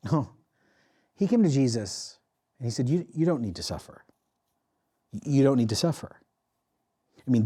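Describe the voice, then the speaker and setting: A male pastor delivering an animated sermon from the pulpit. His voice is mellow and warm, sitting at an ordinary pitch for a man. He swings between raised, emphatic lines and hushed, intense ones, and puts on voices for the people he quotes. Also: husky. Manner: animated preaching, acts out quoted voices, drops to quiet intensity. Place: church.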